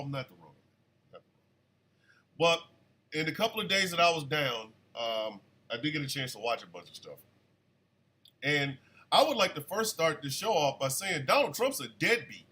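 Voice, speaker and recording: A man hosting a casual live radio show, chatty and animated, still congested from an illness. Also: mid-range voice, normal speed, long pauses. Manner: chatty, animated, shouts at his dogs. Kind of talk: casual livestream talk radio.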